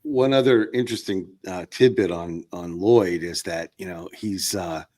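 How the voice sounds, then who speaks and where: A man's voice: sits low, moderate pace, a little mellow. A man appearing as a podcast guest, talking sports in a casual, rambling way with many fillers and restarts.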